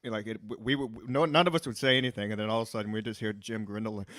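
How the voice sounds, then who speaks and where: A man's voice: on the low side, steady tone, a bit bright, no room sound. A man co-hosting a casual podcast, rambling and swearing as he tells stories. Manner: rambling, profane, quick laughs. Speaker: podcast co-host.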